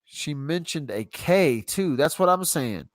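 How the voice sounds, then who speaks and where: A man hosts a livestream in a loose, easygoing way, dropping casual slang and thinking out loud. His voice sits at an ordinary pitch. The sound is dry and close. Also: lively intonation, a little slow, no room sound. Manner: rambling, laid-back, talks to himself while browsing; casual slang, says y'all. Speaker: YouTube channel host.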